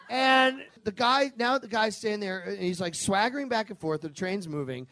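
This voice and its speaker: A man telling a true comic story live, animated and profane, often laughing through his lines. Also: sits high, normal speed, few pauses, no room sound.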